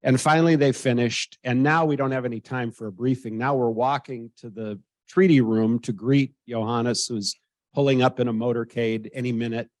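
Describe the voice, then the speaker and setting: Older american guy spinning a yarn, dry sound, mid pitch. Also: normal speed, no room sound. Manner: animated, acts out quoted voices. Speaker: interviewee. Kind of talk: storytelling anecdote.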